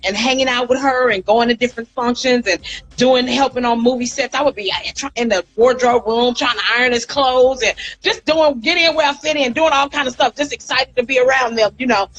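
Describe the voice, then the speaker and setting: Animated storytelling woman, higher voice. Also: low-quality recording. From Inglewood, California. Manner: animated, acts out quotes, says "girl" often. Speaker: celebrity hairstylist and guest. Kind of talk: casual interview storytelling.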